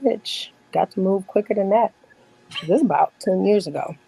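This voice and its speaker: A woman's voice: mid-range voice, moderate pace, creaky, dark tone, husky, poor audio. Blunt, foul-mouthed woman telling stories. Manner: blunt, profane, boastful. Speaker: podcast guest. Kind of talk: casual storytelling chat.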